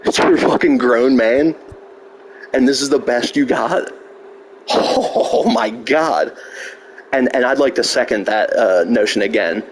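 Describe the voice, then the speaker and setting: A man's voice: medium pitch, normal speed. Foul-mouthed mocking male streamer. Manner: profane, mocking trash talk; sarcastic. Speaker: video game streamer. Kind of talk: casual live-stream chat.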